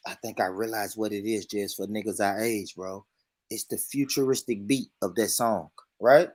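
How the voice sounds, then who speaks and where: A man's voice: on the low side, steady tone, moderate pace, darkish tone, no room sound. A middle-aged Southern American man hosting a casual panel chat, playful and laughing often. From Southern United States. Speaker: host.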